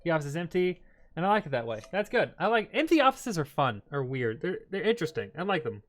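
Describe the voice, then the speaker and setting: A young man chats casually with his stream viewers, bubbly and quick to poke fun at himself. His pitch bounces up and down with excitement. He sounds friendly and talkative. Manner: bubbly, excitable, self-deprecating.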